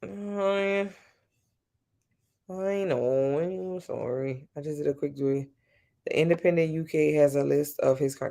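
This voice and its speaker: A woman's voice: low voice, measured pace, vocal fry, dark tone. A woman from Louisiana with a Louisiana accent, chatting casually and playfully with viewers at home on a live stream. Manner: sassy, playful, talks straight to her viewers. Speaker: live streamer answering chat. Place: at home at night.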